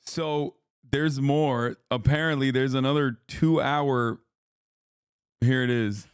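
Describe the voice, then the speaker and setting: A man's voice: mid-range voice, fairly even intonation, takes it slowly, clean tone, no room sound, clean studio sound. A man streaming live reaction commentary, crude and mocking, swearing freely.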